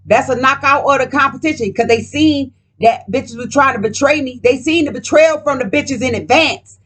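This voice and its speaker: High, bright-voiced profane woman vlogger. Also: moderate pace, husky. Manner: profane, emphatic, rambling, addresses viewers directly. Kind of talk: casual tarot reading rant.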